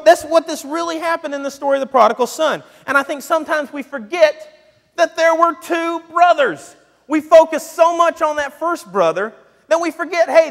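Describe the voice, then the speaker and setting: Young male preacher, animated and playful with the congregation, high voice, reverberant sanctuary. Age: young adult. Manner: joking, animated, talks straight to the congregation. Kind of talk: sermon. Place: church sanctuary. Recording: long church reverb.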